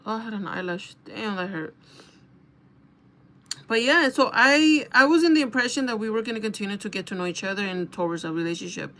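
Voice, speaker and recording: A woman's voice: medium pitch, lively intonation, brisk, fairly bright tone, a little hiss or hum. A young woman chatting casually on a makeup livestream, telling a rambling story full of fillers. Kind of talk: casual chat while doing makeup.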